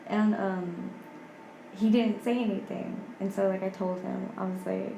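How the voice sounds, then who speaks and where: Young woman guest, twenties, gravelly low-key chat, echoey room. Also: flat delivery, unhurried, noisy background. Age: 20s. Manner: soft-spoken, heavy use of "like". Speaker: podcast guest. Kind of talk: casual chat.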